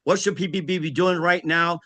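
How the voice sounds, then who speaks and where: A man hosting an interview show who asks halting questions with many fillers and restarts. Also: on the high side, steady tone, sharp tone. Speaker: show host. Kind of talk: casual interview chat.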